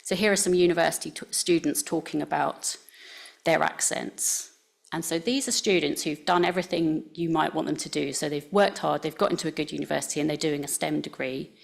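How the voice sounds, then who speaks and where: Woman presenter, near-RP accent, deep voice with vocal fry, chatty delivery with plenty of ums. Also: steady tone, brisk. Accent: near received pronunciation English. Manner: conversational, with frequent fillers. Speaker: speaker giving a talk to scientists. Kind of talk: presentation talk. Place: talk venue.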